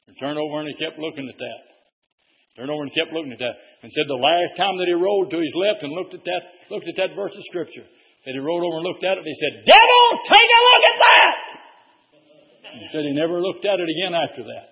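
A man preaching a sermon, telling folksy stories and building to shouted exhortation. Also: on the high side. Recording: dull lo-fi sound in a reverberant hall.

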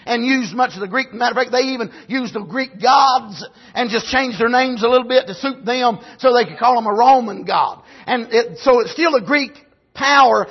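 Male preacher, very high and breathy, emphatic amen-punctuated sermon, muffled lo-fi church tape. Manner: emphatic, swings between shouting and low asides, punctuates with amen. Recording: dull lo-fi recording.

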